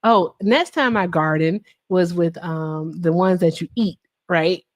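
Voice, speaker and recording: A woman's voice: on the low side, unhurried. A woman livestream host telling a story in casual chat, swearing often and laughing as she talks. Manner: profane, laughing, animated storyteller.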